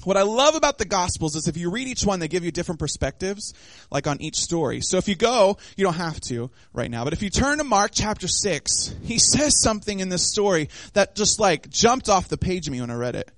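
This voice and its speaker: Animated high-voiced male preacher. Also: a little fast. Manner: animated, acts out voices of the disciples and of God. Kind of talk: sermon.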